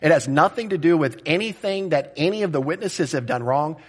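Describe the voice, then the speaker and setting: A man's voice: fairly high pitch, animated, fairly quick, slightly rough. A man preaching an expository sermon as a pastor, talking in a conversational and direct way and often checking in with the listeners.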